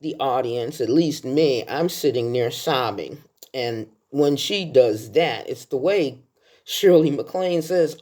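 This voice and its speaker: A woman's voice: rumbling low, slow, warm tone. A woman in her sixties talking casually through a countdown of her favorite films, telling heartfelt stories along the way. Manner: chatty, heartfelt storytelling. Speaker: film vlogger. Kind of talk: casual film countdown talk.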